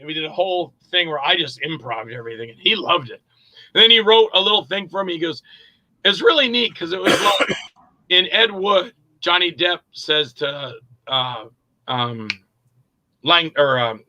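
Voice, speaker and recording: A man's voice: a little high, moderate pace, rough recording. A man, an actor and director, casually telling rambling anecdotes in an interview and acting out other people's lines. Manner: lively storyteller who acts out other people's lines; loose and rambling, with profanity.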